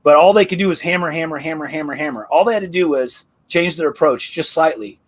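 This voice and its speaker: A man's voice: on the high side, fast. A man on a casual live panel talk who argues emphatically and drives his points home by repeating them. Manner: emphatic, hammering repetition.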